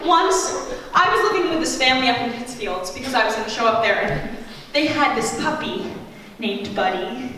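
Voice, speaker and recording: A high-voiced woman does stand-up comedy, her delivery animated, lively and unhurried. She sounds distant from the mic, with long reverb filling a large hall and a steady hiss of noise beneath her. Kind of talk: stand-up storytelling. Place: comedy venue stage.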